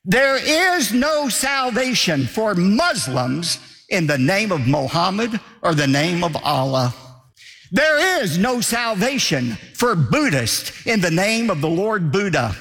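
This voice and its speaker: A man's voice: high voice, very animated, takes it slowly, fairly bright tone, breathy edge, big-room sound. A male pastor delivering a sermon in an emphatic, declamatory way, driving points home by repetition.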